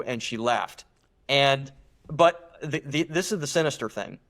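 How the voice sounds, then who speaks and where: A young man appears as a guest author in a podcast interview, speaking earnestly and emphatically and often restarting sentences as he builds his point. His middle-pitched voice is a bit bright and a little slow.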